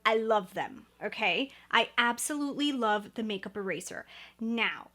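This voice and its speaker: A young woman with a somewhat high voice reviews beauty products straight to camera in a chatty, enthusiastic way. She often doubles words for emphasis. The sound is a camera mic in a room at home. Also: animated, moderate pace, bright, forceful tone. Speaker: beauty vlogger.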